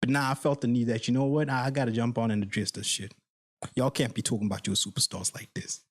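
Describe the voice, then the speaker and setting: A man's voice: medium pitch, steady tone, fast. A man hosting a sports reaction channel, ranting heatedly and profanely at his viewers, repeating his points for emphasis. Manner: heated, repetitive, profane, addresses viewers directly. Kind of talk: angry solo reaction rant.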